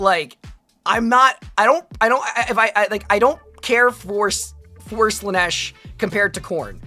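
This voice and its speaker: A woman streamer talks casually with her chat and reads comments aloud in a rambling, animated way. Her voice is bright and forceful, with faint music playing softly behind her. She laughs easily as she goes. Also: mid-range voice. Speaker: VTuber streamer.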